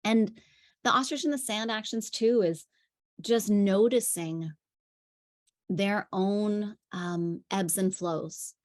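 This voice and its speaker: A woman's voice: medium pitch, steady tone, takes it slowly. A woman parenting coach giving a conversational teaching talk, telling stories with frequent fillers. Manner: chatty storytelling with frequent fillers.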